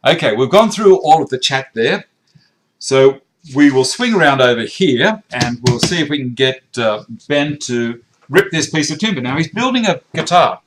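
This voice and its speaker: A man's voice: medium pitch, animated, normal speed, a little hiss or hum. Chatty Australian man hosting a woodworking stream. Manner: reads viewer comments aloud, chatty and joking. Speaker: woodworking live-stream host. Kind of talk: casual live-stream chat. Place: home woodworking workshop.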